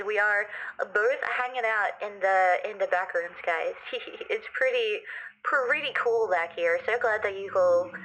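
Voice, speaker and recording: A woman's voice: mid-range voice, a bit bright, rough recording. A young Australian woman streaming as a VTuber, chatting casually and rambling with frequent restarts. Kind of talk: casual livestream chat.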